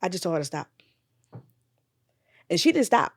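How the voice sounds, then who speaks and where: A woman's voice: lowish voice, big pitch swings, moderate pace, husky, no echo, clean studio sound. A woman, a nurse and bereaved mother, retelling a painful memory in a candid podcast conversation. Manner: candid, swearing, drifts from loud retelling to quiet grief.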